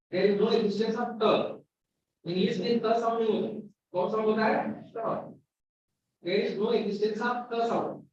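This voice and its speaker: A man's voice: high voice, a little mellow, a little hiss or hum. A man with an Indian English accent teaching a pronunciation lesson, spelling out words letter by letter and repeating each one. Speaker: university lecturer. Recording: dull echoey room from far off.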